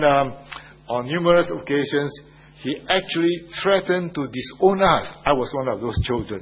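A man preaching a sermon in an emphatic way, repeating his phrases and asking the listeners rhetorical questions. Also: medium pitch. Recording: dull lo-fi radio broadcast with faint hum.

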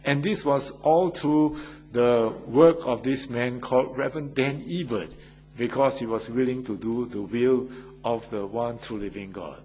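An older man preaching from the pulpit in a husky, slightly breathy voice. He talks earnestly, checks in with his listeners with "yes?" and "okay?", and leans on fillers as he goes. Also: medium pitch, low-quality recording. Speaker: pastor. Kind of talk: sermon.

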